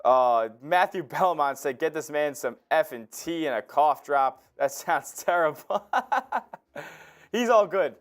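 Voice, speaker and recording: A man's voice: fairly high pitch, a little slow, hardly any pauses, clear, resonant tone. A man co-hosting a live sports stream, chatting casually, laughing and reading out messages from viewers. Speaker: co-host.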